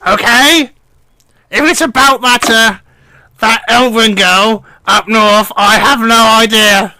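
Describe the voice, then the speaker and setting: A man voicing a very old, greasy, henpecked male gnome lord who talks in a high, fussy, evasive way. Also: fairly even intonation, takes it slowly, bright, forceful tone, dry recording, full character voice. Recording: dry close mic over an online call.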